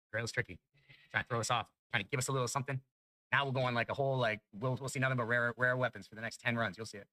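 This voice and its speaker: A man giving chatty, excitable commentary over his own gameplay, jumping up in pitch when good loot drops. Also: rapid-fire, dry recording, rough recording. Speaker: gaming YouTuber. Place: home room.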